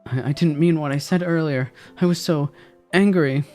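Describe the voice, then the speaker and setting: A man's voice: on the high side, moderate pace, darkish tone, faint music behind, voice pushed up, close to an everyday voice. A man voicing Ringo, an earnest young hero who speaks with emotion, while playing through a game. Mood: pleading.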